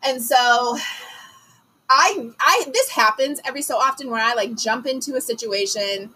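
A woman from Detroit telling a story in casual chat, animated and full of fillers, acting out the lines she quotes. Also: on the high side, moderate pace, a little hiss or hum, low-quality recording.

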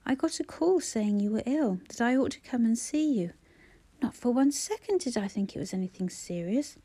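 A woman voicing a distraught man pleading with his dying sister, agitated and rising to near-shouts. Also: a little high, animated, normal speed, breathy edge. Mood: distressed.

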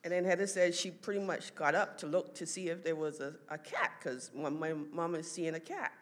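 A woman's voice: sits low, fairly quick. A woman telling a family story in casual conversation, laughing often and voicing the people she quotes. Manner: animated, laughs often, quotes others in raised voice.

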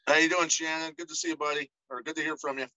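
Animated, bright-voiced middle-aged man telling stories. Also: fairly high pitch, quick pace, no echo, low-quality recording. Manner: animated storyteller, acts out quoted voices. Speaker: podcast guest, former fighter. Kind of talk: casual storytelling interview.

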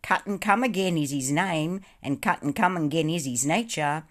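A woman voicing a rough-and-ready male sailor with hearty, blunt, slangy talk. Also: sits low, expressive, normal speed, voice pushed up. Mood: explaining.

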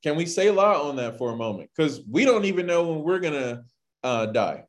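A man teaching a relaxed Bible study, with a fairly high voice that rises and falls a lot. He is chatty and animated, and he drifts into asides and quick acted-out lines.

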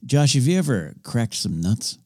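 A man co-hosting a comedy podcast, trading dry, quick improv banter in casual chat over a remote call. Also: mid-range voice, sing-song, warm tone, no room sound. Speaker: podcast co-host.

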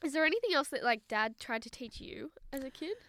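A woman in her twenties co-hosting a podcast, telling stories in a casual, animated way. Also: high-pitched, a little fast. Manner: animated storytelling with quoted voices. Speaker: podcast co-host. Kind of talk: casual chat.

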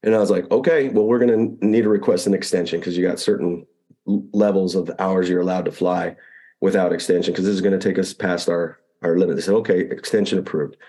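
A man's voice: deep voice, fast talker. A man who flew Apache helicopters, telling a combat story in a conversational interview, acting out radio calls and often restarting phrases. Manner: animated retelling, acts out radio calls, frequent restarts.

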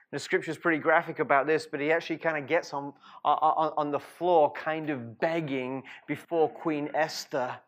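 Male pastor, sermon, animated storytelling, rhetorical asides, fairly high voice. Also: a little slow.

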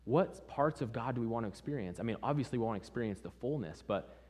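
A young adult man preaching, telling a personal story with lively acted-out quotes before moving into teaching. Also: mid-range voice, fast talker. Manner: animated storyteller acting out quoted voices.

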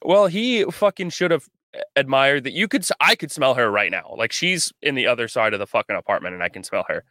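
A man's voice: medium pitch, lively intonation, brisk, bright, forceful tone, no room sound, clean studio sound. A young man co-hosting a podcast, telling a rambling, profane story in casual chat. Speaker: podcast co-host.

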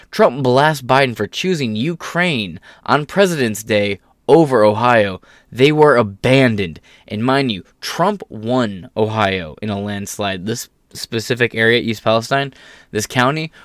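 A man's voice: mid-range voice, dry recording, studio quality. A man hosting a casual political commentary vlog, talking bluntly and sarcastically and swearing freely. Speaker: host.

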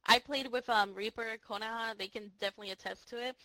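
A woman from New Jersey talks with lively reactions and frequent laughter. Her voice is bright and fairly high, and it sounds dry and close, with no room around it. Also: fast, no room sound, rough recording. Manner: laughs often, animated reactions. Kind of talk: casual podcast chat.

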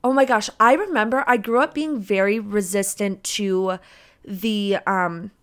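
A young woman with an even, mid-range voice, chatting casually as a podcast co-host. She sounds eager and enthusiastic, agreeing quickly and talking like an excited fan. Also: medium pitch. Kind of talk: casual chat.

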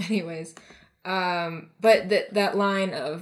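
A woman's voice: fairly low pitch, steady tone, slow pace. A woman co-hosting a podcast in casual chat, talking with many fillers and restarts. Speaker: podcast co-host.

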